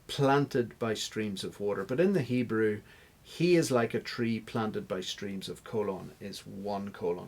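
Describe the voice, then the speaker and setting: A man's voice: lowish voice, gravelly, husky. A man answering interview questions as a guest scholar, explaining step by step like a teacher. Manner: teacherly, stops to spell out examples.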